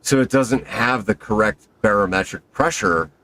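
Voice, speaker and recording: A man telling a skydiving story in an excitable, profane, casual way, acting out quotes. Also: lowish voice, moderate pace.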